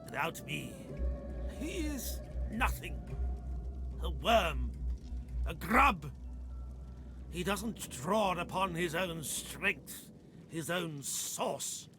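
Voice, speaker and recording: An actor voicing an ancient monstrous male leech creature in a video game, bitter and boastful, with a hollow, drawn-out delivery. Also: a little high, sing-song, music in the background, full character voice. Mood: scornful.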